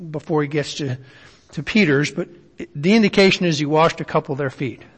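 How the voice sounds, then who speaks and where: A man's voice: fairly high pitch, a little fast, breathy edge. Man teaching scripture in a reverberant hall. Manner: conversational, asks the listeners many questions. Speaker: Bible teacher. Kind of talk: Bible study teaching.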